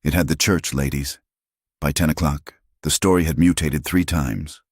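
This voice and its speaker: A man narrating a western audiobook in a steady, measured storytelling manner. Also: extremely low pitch, no room sound, clean studio sound.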